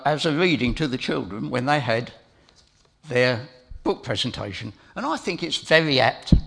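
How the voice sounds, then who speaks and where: A man's voice: a little high, vocal fry, a bit bright. A middle-aged man giving an informal sermon as preacher, telling a family story in a chatty way with asides to his listeners.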